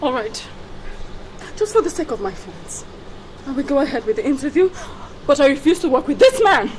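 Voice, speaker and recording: An actress playing a vain, haughty young celebrity who scolds and makes dramatic demands. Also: female voice, high voice, sing-song, normal speed, a little hiss or hum, poor audio. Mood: sulky. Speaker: famous actress character. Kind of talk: film drama acting. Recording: film soundtrack with music behind.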